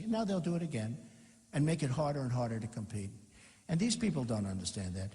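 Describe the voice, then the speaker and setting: A candidate in his sixties delivers a rambling rally speech, reading from text and then wandering into asides. His voice is fairly high and a little mellow. The recording carries long reverb from the packed, large, balconied auditorium.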